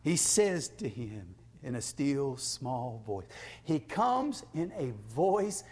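A man preaching a sermon, reading scripture aloud and swinging from hushed whispers to shouted praise. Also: medium pitch, big pitch swings, slow, husky. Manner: reads scripture in King James style.

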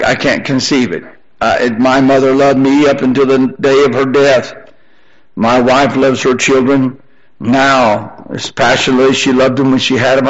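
An older man preaching a sermon, repeating his phrases as he presses his congregation, then dropping into quieter storytelling. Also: lo-fi sound. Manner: rising to high-pitched emphatic exhortation, then softer storytelling.

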